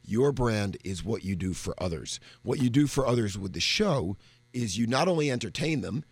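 A man's voice: mid-range voice, expressive, normal speed, slightly rough, no echo. A man speaking as a radio guest on branding, explaining in a confident, folksy way into a studio microphone. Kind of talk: casual on-air chat.

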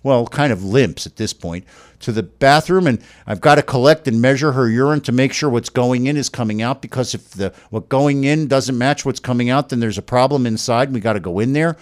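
A man's voice: mid-range voice, brisk. A middle-aged man telling a personal story as a guest, emphatic and effusive, often repeating himself. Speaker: guest telling his wife's kidney transplant story. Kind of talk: casual emotional storytelling.

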